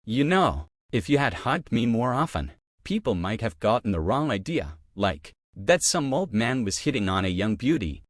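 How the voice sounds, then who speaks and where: A man voicing an older man who jokes gently about himself. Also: mid-range voice, very animated, moderate pace, dry recording, studio quality. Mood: wistful.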